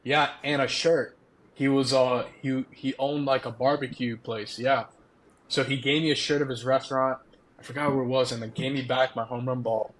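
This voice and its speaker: A man's voice: mid-range voice, normal speed. Laughing young man telling stories. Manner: animated, laughing often, acts out quotes. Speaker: podcast guest, former college baseball player. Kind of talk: casual storytelling.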